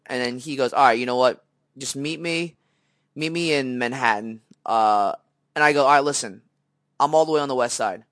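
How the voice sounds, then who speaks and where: A young man co-hosting a podcast tells a story casually, acting out the quoted dialogue with lots of fillers. His voice sits in the mid range, and there's no echo.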